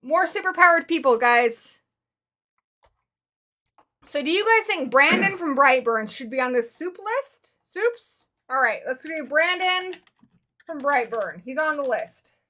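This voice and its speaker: A woman with a high, bright voice hosts a live show, chatting casually with her co-host and calling out to viewers. She talks loosely and laughs easily. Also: sing-song, a little slow. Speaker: livestream host.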